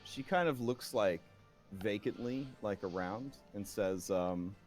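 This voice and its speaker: Dude running a tabletop game, lowish voice, rambly with lots of ums. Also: male voice, slow pace, a little mellow, soft background music. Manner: meandering, filler-heavy narration. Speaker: game master.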